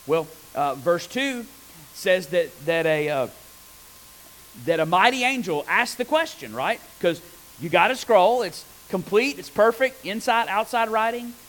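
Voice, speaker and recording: A man preaching a conversational sermon on scripture, animated and often asking his listeners rhetorical questions. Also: sits high, measured pace, low-quality recording.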